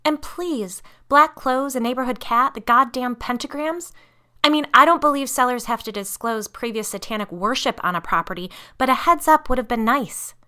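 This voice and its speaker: Read by a woman, a frightened, indignant mother in a spoken ghost story. She is heated and emphatic, her voice bright and forceful, climbing higher as she talks. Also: moderate pace.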